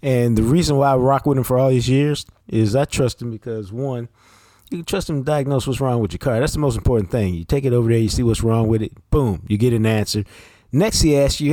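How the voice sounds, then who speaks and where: Fairly quick and mellow in a medium pitch, this sports podcast co-host delivers casual sports chat and ad reads bluntly, emphatically, and with lots of slang. The clean studio recording has no room sound.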